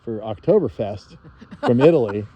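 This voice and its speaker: A man's voice: mid-range voice, animated, normal speed, breathy edge, muffled recording. A man hosting an outdoor chat in a yard, joking and enthusiastic as he interviews. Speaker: host, tree planter.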